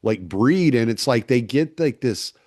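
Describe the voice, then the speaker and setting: A man hosting a relaxed conversation, rambling with lots of filler words. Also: mid-range voice, unhurried, no echo, studio quality. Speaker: podcast host. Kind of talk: casual conversation.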